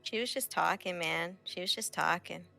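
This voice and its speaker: A woman's voice: on the low side, moderate pace, gravelly, pushed and bright, soft background music. A woman playing a tabletop game, chatting casually with giggly reactions. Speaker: player.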